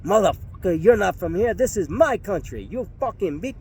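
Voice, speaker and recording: Man doing a sneering, high-pitched street tough. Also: very animated, a little slow, mellow, a little hiss or hum, exaggerated voice. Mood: taunting. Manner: sneering, profane taunts. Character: hostile young male street tough, taunting.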